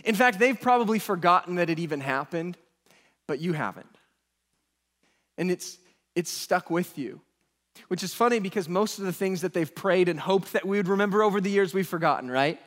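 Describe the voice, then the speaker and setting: Man, pastor, sermon, high voice, humorous storyteller, long hall reverb. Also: moderate pace, fairly bright tone.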